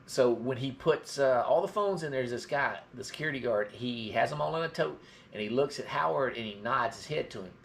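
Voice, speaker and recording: A man's voice: medium pitch, a little hiss or hum. A middle-aged man from Georgia with a mild Southern drawl, telling rambling stories in a casual live-stream chat. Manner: rambling storyteller.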